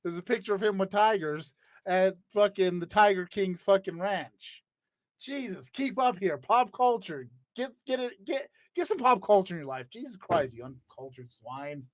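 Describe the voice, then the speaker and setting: A man's voice: high voice, lively intonation, a little slow, no echo. A man hosting a podcast, telling a story in a profane, joking way. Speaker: podcast host. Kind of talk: casual chat.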